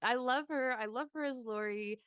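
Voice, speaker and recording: A woman's voice: fairly high pitch, normal speed, fairly bright tone, clean tone, dry recording. A woman co-hosting a movie podcast in casual chat, blunt and casually profane. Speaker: podcast co-host.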